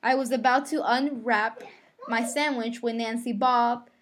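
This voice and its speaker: A woman reading a novel aloud in the first person, expressive, sometimes rereading a line after a slip. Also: a little high, a little slow, a little hiss or hum. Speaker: audiobook reader.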